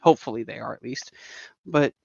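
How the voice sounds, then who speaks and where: A man's voice: medium pitch, brisk, gravelly, no room sound. Rambling man on a dull dry line. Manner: rambling, fillers like "like" and "uh". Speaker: tabletop game player and stream guest. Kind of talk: casual podcast chat.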